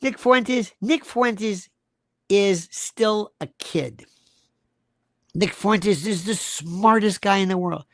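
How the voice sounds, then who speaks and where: A man's voice: high voice, slow pace, no echo, clean studio sound. A man hosting a live-stream talk show, delivering an emphatic monologue full of repeated rhetorical questions. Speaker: host.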